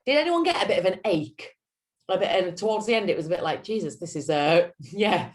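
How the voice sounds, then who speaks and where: A woman with a Yorkshire accent giving a lunch-and-learn talk as a public speaking coach, animated and theatrical, her voice swinging up and down. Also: mid-range voice, a little fast.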